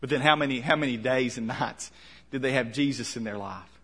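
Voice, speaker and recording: Husky guy preaching, chatty sermon, keeps asking the crowd questions, trails off quiet. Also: medium pitch, a little fast. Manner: conversational, questioning, with soft dropped endings. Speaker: pastor.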